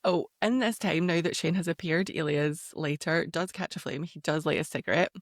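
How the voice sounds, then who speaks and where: A woman co-hosting a podcast, gushing and animated as she recaps a TV show and laughs often. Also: low voice, fairly quick, dry recording, clean studio sound. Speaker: podcast co-host. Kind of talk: casual chat recapping a TV show.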